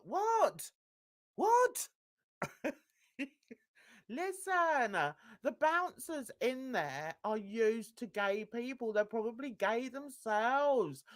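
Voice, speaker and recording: A woman's voice: high-pitched, fairly bright tone. A middle-aged woman, hosting a live reaction stream with scornful, laughing commentary.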